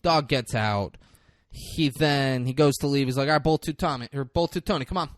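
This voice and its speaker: Guy on a movie podcast, mid pitch, retelling scenes and doing the characters' lines, dry sound. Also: fairly quick, dry recording. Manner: animated retelling with acted-out quotes, swearing. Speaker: podcast co-host. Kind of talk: casual movie recap.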